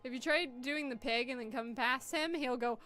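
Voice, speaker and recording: A woman's voice: sits high, moderate pace, pushed and bright, soft background music. A woman giving casual, chatty let's-play commentary, swearing and poking fun at herself. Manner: chatty, swearing, self-mocking. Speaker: gaming streamer.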